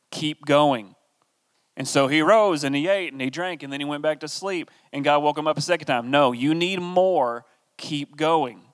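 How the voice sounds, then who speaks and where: A man's voice: a little high, fairly bright tone, in a large hall. Conversational man teaching from scripture. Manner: conversational, reads scripture aloud with asides. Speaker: preacher. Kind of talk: Bible teaching.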